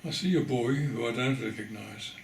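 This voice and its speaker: An older man from the Netherlands giving an oral history testimony, telling his story in a measured way and pausing for weight. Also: medium pitch, vocal fry, reverberant, slight background noise. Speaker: interviewee.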